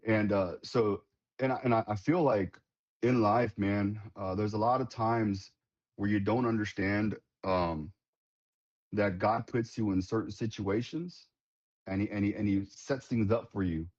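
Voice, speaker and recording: Casting: low-pitched man, retired veteran, lively storyteller, muffled lo-fi sound. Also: measured pace. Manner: animated storyteller, many restarts and quoted voices. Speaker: guest, retired Marine veteran. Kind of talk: casual storytelling interview. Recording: dull lo-fi sound.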